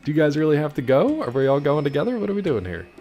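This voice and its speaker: A man's voice: fairly high pitch, very animated, racing, highs cut off, soft background music. A man casually commenting while playing a game, rambling through a story with lots of fillers. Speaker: gaming streamer. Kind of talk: casual let's-play commentary.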